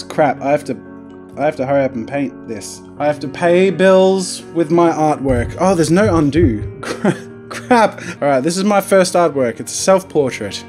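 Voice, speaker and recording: An Australian man commentating a painting game live, excitable and jokey. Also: on the high side. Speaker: streamer playing a painting game. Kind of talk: live let's-play commentary.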